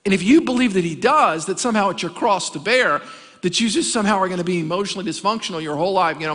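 Animated high-voiced pastor preaching. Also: male voice, brisk, in a large hall. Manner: animated storytelling with comic asides. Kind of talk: sermon. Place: church sanctuary.

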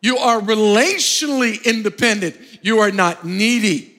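Male pastor, high bright voice, emphatic sermon delivery with call-and-response, long church-hall reverb. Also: moderate pace. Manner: emphatic, calls for congregation responses.

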